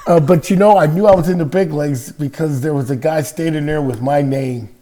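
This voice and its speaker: A former baseball player, now an older Californian man, guests on a podcast and tells an old ballpark story in a relaxed, chatty interview. His voice runs slightly high for a man, and he keeps things animated with fillers and quick bursts of laughter. Heavy background noise runs under the recording.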